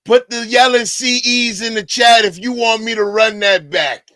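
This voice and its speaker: A man hosting a livestream, loud and excitable, often shouting as he talks to his chat. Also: extremely high pitch, normal speed, no room sound. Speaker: livestream host. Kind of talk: reacting to a clip for chat.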